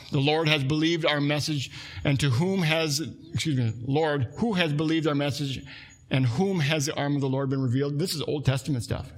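A man's voice: medium pitch, gravelly. A man preaching a sermon as a pastor in a church, reading scripture aloud and putting earnest, direct questions to his congregation.

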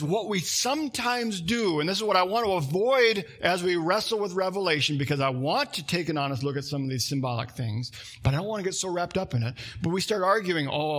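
A man's voice: a little high, bright, forceful tone. A man preaching a sermon as pastor, in a conversational way with asides and restarts.

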